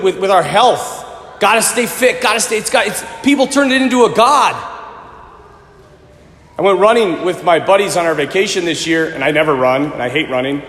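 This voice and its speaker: Male preacher, thirties, lively high voice; booming church reverb, faint room hum. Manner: animated, swings from shouting to hushed. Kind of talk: sermon. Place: large church. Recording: echoey church, long reverb, faint ambience.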